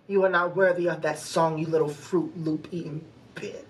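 A woman hosting a movie reaction, talking back at the screen in a loud, profane, casual way over a playing film. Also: low voice, fairly even intonation, moderate pace, faint music behind, rough recording. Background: film soundtrack playing.

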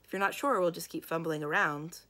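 Big gruff knight guy, wry, woman reading, low voice, storybook. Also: brisk, bright, forceful tone.

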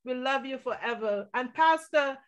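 A woman's voice: sits high, moderate pace, clean tone. A middle-aged woman from Montserrat giving a tribute at a memorial service over a video call, telling a family story with laughter.

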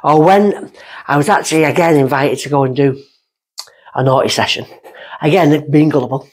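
A woman, a medium and podcast guest, telling stories in a lively, self-mocking way and acting out the lines she quotes. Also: low voice, moderate pace, slightly rough. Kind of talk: casual storytelling chat.

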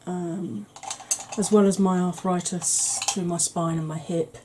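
A woman hosting a soft-spoken ASMR makeup tutorial, chatty and rambling with wry humour, tired from lack of sleep. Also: on the low side, fairly even intonation, measured pace, slight background noise, low-quality recording. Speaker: beauty channel host.

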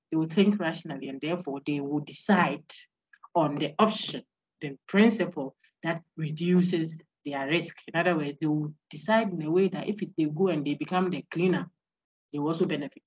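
A woman giving an animated philosophy lecture on a video call, asking her class rhetorical questions. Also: sits low, husky. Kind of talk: online university lecture. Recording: lo-fi online call audio.

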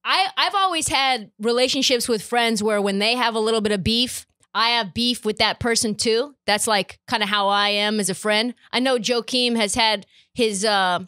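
A woman's voice: a little high, normal speed, few pauses, pushed and bright, no echo, studio quality. A woman hosting a podcast interview, chatty and playful as she teases her guest. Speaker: podcast host. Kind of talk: casual interview chat.

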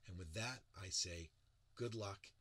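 A man coaching on public speaking in an energetic motivational lecture, swinging from slow, soft emphasis to loud bursts. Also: low voice, breathy edge. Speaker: presentation coach.

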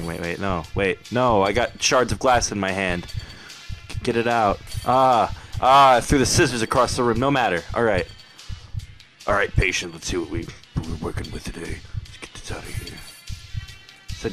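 A young man casually commenting on his own gameplay, excitable and jokey, swearing and muttering at the game. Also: on the low side, moderate pace, soft background music. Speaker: gamer host.

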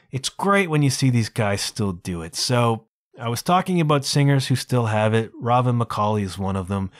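A man's voice: medium pitch, no echo, studio quality. A man hosting his own podcast as a solo monologue, chatty and full of asides. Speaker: podcast host.

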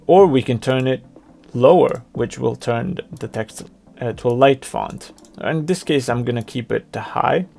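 A man presenting a software tutorial, talking through each step on screen in a plain explanatory way. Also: mid-range voice, vocal fry. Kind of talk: screen-recorded software walkthrough.

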